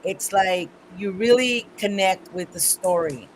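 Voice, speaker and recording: A woman's voice: mid-range voice, measured pace, a little hiss or hum, rough recording. A woman hosting a radio talk show, asking questions enthusiastically with many fillers and restarts. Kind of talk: casual radio interview.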